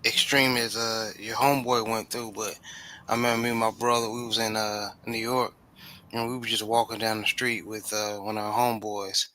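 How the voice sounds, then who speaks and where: A man in casual chat, talking in a laid-back, drawn-out way with many fillers. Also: on the low side, level tone, bright, forceful tone, slight background noise, low-quality recording. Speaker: co-host.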